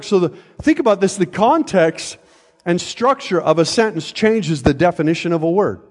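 A man's voice: high-pitched, lively intonation, normal speed, in a large hall. An older man preaching a sermon from a church pulpit, conversational, with joking asides and frequent check-ins with the congregation. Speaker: pastor. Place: church sanctuary.

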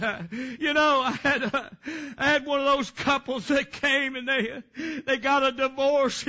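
High bright-voiced fervent preacher man. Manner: rambling, fervent preaching with many fillers. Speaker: pastor. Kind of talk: sermon. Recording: dull lo-fi recording.

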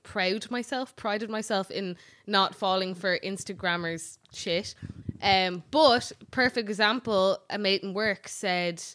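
A woman's voice: mid-range voice, takes it slowly, hardly any pauses, fairly bright tone. Irish woman co-host, young, casual chatty, swears a lot. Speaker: podcast co-host. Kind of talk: casual chat.

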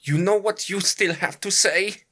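Man doing a loud commanding exorcist priest. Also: high voice, a little slow, heavily acted. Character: stern male priest commanding demons.

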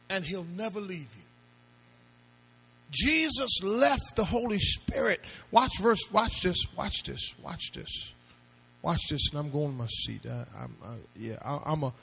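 A man preaching a sermon as pastor, firing off rhetorical questions and rising into shouted appeals. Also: medium pitch, vocal fry, breathy edge, rough recording.

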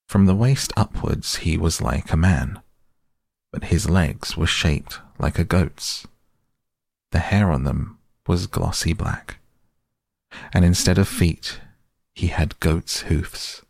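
A man narrating a storybook in a measured, scripted way. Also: low-pitched, vocal fry, a little mellow, husky, no room sound, clean studio sound.

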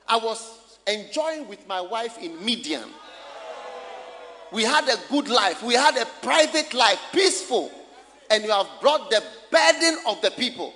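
A male pastor preaches from the pulpit, his unusually high voice bright and forceful. He swings widely in pitch and shouts his points, questioning the congregation as he goes. The sound carries the long reverb of a church hall, with faint room noise underneath. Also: very animated, unhurried. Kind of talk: sermon.

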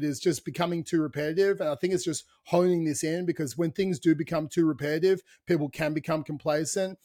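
A man co-hosting a fitness podcast in casual chat, talking in an energetic, motivational way and swearing casually. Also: a little high, no room sound, studio quality. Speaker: podcast co-host, fitness coach.

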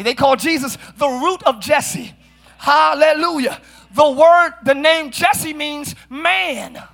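A middle-aged male pastor preaching a sermon in a church, often shouting, with playful asides to the congregation. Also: very high voice, vocal fry. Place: church sanctuary.

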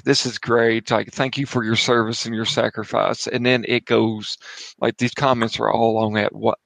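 A man narrating as game master of a tabletop horror game at home, casual and halting, restarting his sentences as he goes. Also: medium pitch, little pitch movement, creaky, a bit bright, dry recording, rough recording.

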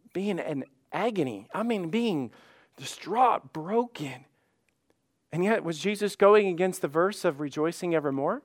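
Conversational male pastor, higher voice. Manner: conversational, repeats words, acts out quoted voices. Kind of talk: sermon.

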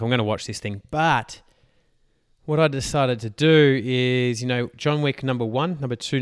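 Chatty Australian man with a smooth voice. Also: mid-range voice. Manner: chatty and animated, with filler words and playful asides. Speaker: podcast host. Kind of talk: casual podcast chat.

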